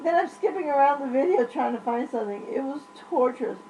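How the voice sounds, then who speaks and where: A woman's voice: sits high, animated, quick pace, mellow, slight background noise, low-quality recording. A woman vlogging, unwell during a flare-up, venting in a blunt, profane, exasperated rant. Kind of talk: ranting vlog.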